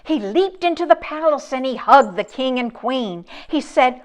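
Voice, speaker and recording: A woman reading a rhyming storybook aloud in an expressive, sing-song way. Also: high voice, a little slow, few pauses.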